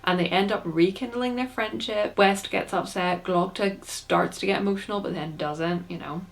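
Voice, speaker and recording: A woman's voice: mid-range voice, moderate pace, creaky. A young woman chatting casually through a plot recap, peppering her talk with "like". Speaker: book reviewer.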